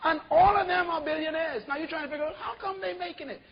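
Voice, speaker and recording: A man preaching an animated sermon as pastor, full of rhetorical questions. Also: very high voice, quick pace, long reverb tail, muffled recording.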